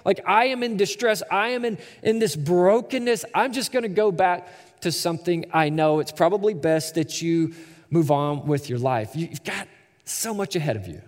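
A man voicing a grieving older widowed woman, gentle and resigned, trailing off softly. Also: high-pitched, moderate pace, in a large hall, lightly acted.

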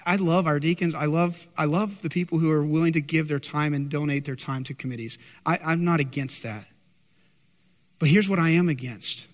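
A man preaching a sermon as pastor, impassioned and animated, acting out worried disciples with a lifted voice. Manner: impassioned, acts out anxious disciples in higher voice. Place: church sanctuary. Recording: long hall reverb.

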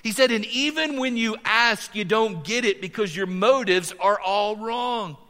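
A middle-aged male pastor delivers an animated sermon. His voice sits high and sounds bright and forceful. It rings out with the long reverb of a church sanctuary. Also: measured pace. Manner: animated preaching, voice rising for emphasis.

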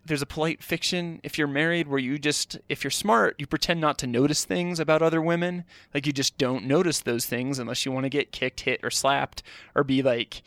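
A man's voice: a little high, steady tone, brisk, fairly bright tone, dry recording. A middle-aged man telling funny stories from his own life, rambling and poking fun at himself with lots of "like.". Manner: rambling and self-deprecating, heavy use of "like". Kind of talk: comedic personal storytelling.

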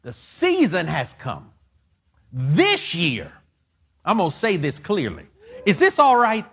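Husky, high-pitched preacher man. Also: wildly swooping pitch. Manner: slow, emphatic repetition, rising to shouts. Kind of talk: prophetic sermon. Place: church sanctuary.

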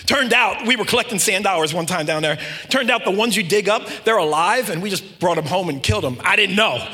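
Man, pastor, sermon, animated, joking, sharp bright tone, long reverb. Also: high-pitched, brisk. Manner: joking, animated, talks to the congregation.

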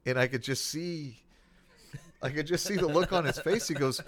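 A man's voice: fairly high pitch, moderate pace. A man, a police officer, telling a ride-along story in casual chat, often breaking into laughter. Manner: animated, laughs while telling stories.

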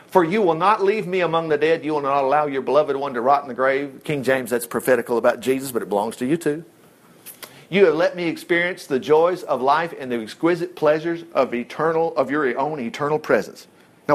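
A male pastor, preaching a sermon and retelling a Bible story in a lively, conversational way. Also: on the high side, brisk. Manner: animated storytelling preacher, jumps between whispers and loud exclamations.

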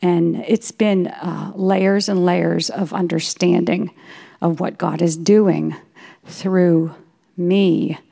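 A woman's voice: on the low side, fairly even intonation, slow pace, creaky, mellow, husky. A middle-aged woman giving an earnest personal testimony in a devotional talk, telling stories and quoting herself and others. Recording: long reverb in a hall.

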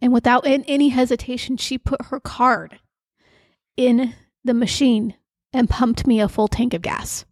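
A middle-aged woman host telling personal stories in an earnest, confiding way, with soft fillers between thoughts. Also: a little high, little pitch movement, measured pace, no echo, clean studio sound. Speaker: podcast host and emotional coach. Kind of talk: personal storytelling monologue.

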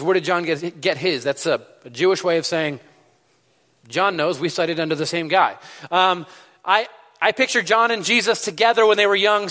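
A high-pitched man with a bright, forceful tone preaches a relaxed sermon, full of ums and self-corrections. His voice rings out with a long reverb in a big hall. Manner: chatty, full of fillers and restarts. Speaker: pastor. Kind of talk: casual sermon.

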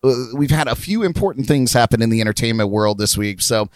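A man hosting a podcast, easygoing and quick to laugh. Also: mid-range voice, animated, darkish tone, no room sound, studio quality. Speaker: podcast host. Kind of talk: casual podcast chat.

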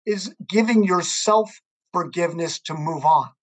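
A man's voice: sits high, unhurried. A man hosting a podcast interview, speaking earnestly with a storyteller's repetitions. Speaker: podcast host. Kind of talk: conversational interview.

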